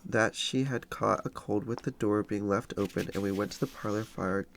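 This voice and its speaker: A young man reading a classic novel aloud, halting and restarting words he trips over. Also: on the low side, steady tone, creaky, a little hiss or hum. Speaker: reader.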